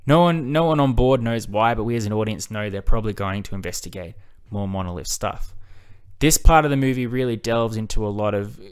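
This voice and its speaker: A man's voice: lowish voice, brisk, smooth. A man hosting a film analysis video, talking in a casual, enthusiastic way and swearing now and then.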